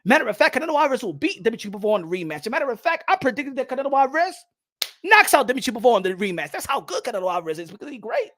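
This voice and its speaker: A man's voice: extremely high pitch, very animated, rapid-fire, a bit bright. A man doing casual, rambling and sarcastic boxing commentary in slangy talk.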